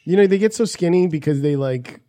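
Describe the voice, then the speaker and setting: A man's voice: a little high, expressive, brisk, warm tone, no echo, studio quality. A man co-hosting a podcast, talking in a blunt, crude and profane casual chat. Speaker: podcast co-host.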